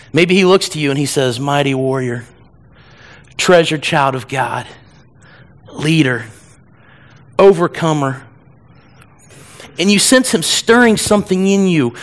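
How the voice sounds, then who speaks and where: A middle-aged pastor preaching a sermon in church, animated and humorous, acting out whiny voices. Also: male voice, sits high.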